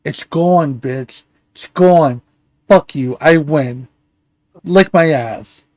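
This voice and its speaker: A man's voice: fairly high pitch, drawn-out words, no echo. A man hosting a live commentary stream, ranting in a profane, insulting way and stumbling over restarts. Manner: angry, insulting, stammers and restarts. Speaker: livestream commentary host.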